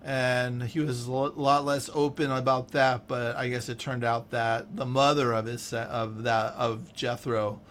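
A man's voice: medium pitch, level tone, measured pace, few pauses, fairly bright tone, slight background noise. A man hosting a podcast in casual chat, rambling with many restarts. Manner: rambling, self-interrupting, lots of restarts. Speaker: podcast host.

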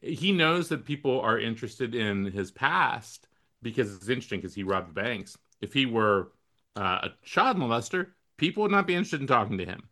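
A man hosting a podcast, chatting in a relaxed way and offering opinionated asides. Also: mid-range voice, moderate pace. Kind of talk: casual podcast chat.

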